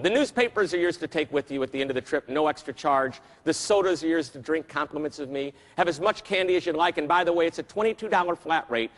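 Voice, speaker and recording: A man voicing a calm, welcoming Texan cab driver with a slow, very low drawl. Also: close to an everyday voice.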